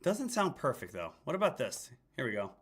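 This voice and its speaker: A young man hosting a live stock-trading stream, energetic, talking straight to his viewers. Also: mid-range voice, a little fast, breathy edge. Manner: energetic, addresses viewers as traders. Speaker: host, stock trader. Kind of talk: live-stream market talk.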